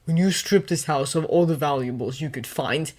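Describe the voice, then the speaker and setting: A woman's voice: deep voice, normal speed, a little mellow. A woman voicing an impatient teenage boy wizard who speaks sharply. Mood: stern.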